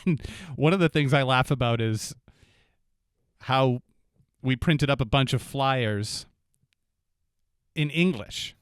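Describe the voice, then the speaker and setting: A man's voice: mid-range voice, slow, long pauses, smooth, no echo. Dry-sounding male podcast host. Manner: friendly, joking interviewer. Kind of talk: casual podcast interview.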